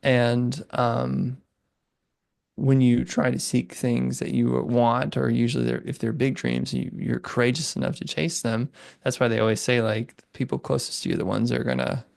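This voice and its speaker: A man's voice: mid-range voice, fairly even intonation, moderate pace, vocal fry, a little mellow, no echo, studio quality. A man speaking as a podcast guest in casual conversation, rambling and acting out little bits of dialogue. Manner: rambling, acts out voices of friends.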